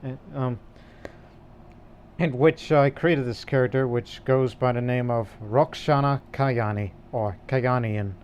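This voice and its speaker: A man's voice: medium pitch, fairly even intonation, takes it slowly, darkish tone, muffled recording. A man co-hosting a gaming podcast, hesitant and stopping often on ums. His voice sits mid-range, with a faint hiss behind it. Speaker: podcast co-host. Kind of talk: casual podcast chat.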